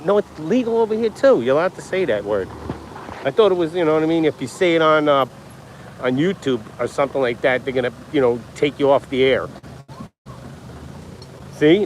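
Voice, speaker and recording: A chatty man vlogging live from a beach on a handheld phone, his voice sitting a little high for a man. He rambles and jokes, tossing out "you know" again and again. Clear outdoor noise, with birds and traffic, runs under him. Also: poor audio. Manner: rambling, chatty, jokey, lots of "you know what I mean". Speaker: livestream vlogger. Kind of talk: casual rambling livestream.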